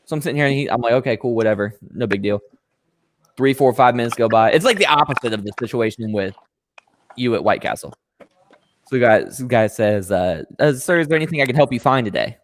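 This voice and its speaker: Talking fast in a medium-pitched voice, a man hosting a podcast spins a long, profane story, acting out each character's lines with animation. It's casual storytelling chat with no room sound.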